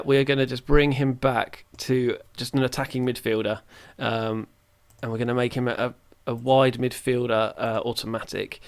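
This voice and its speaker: A man giving casual, rambling let's-play commentary, reacting aloud and poking fun at himself. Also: mid-range voice. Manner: chatty and rambling, self-mocking, reacts aloud to the match. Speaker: gaming YouTuber.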